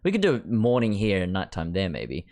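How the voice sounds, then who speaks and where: A young man hosting a casual video-call chat from home, chatty and giggly with quick asides. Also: deep voice, wildly swooping pitch, creaky, a little mellow. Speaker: host.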